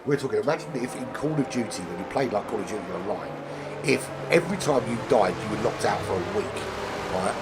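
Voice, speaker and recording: A man with a cold and a nasal voice, commentating an online sim racing league, rambling into asides and getting excited during close battles. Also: fairly low pitch, quick pace. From not American. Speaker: race commentator. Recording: game music and engine noise behind. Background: racing game audio and music.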